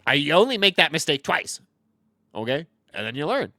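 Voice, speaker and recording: A man's voice: fairly high pitch, very animated, normal speed, sharp tone. A man in his thirties giving casual, rambling commentary over a card game, full of jokes and self-mocking asides.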